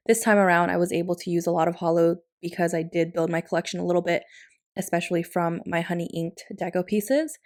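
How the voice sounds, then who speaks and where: A woman narrating a planner-decorating vlog in a chatty, casual voiceover, often laughing lightly. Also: on the low side. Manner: chatty, warm-hearted, with frequent laughs. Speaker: planner vlogger. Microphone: recorded voiceover.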